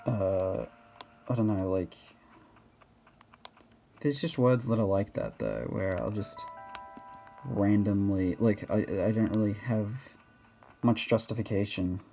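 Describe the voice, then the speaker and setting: A man's voice: fairly low pitch, slow pace, creaky, pauses often, warm tone, soft background music. Rambling Australian man gaming. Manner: rambling and self-correcting, with laughs. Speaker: gaming video host. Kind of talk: casual gameplay commentary.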